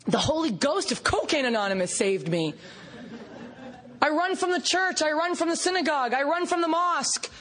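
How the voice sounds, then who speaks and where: A woman from Canada giving an animated recovery meeting share, storytelling with laughs and acted-out quotes. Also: high-pitched, normal speed. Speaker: recovery fellowship speaker.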